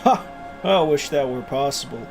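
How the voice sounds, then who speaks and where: A man's voice: mid-range voice, expressive, normal speed, creaky, a little mellow, faint music behind. A man voicing a grieving, gloomy village blacksmith with a wandering put-on Scottish brogue.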